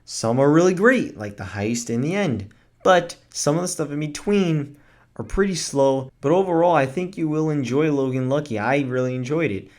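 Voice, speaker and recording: A man's voice: a little high, animated, normal speed. A man talking through a casual movie review in a chatty, rambling way, with fillers and self-corrections.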